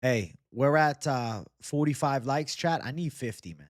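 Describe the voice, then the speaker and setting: A man's voice: medium pitch, animated, unhurried, no echo, clean studio sound. A young man from Boston hosting a casual live chat. He talks loosely and swears a lot. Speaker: livestream host.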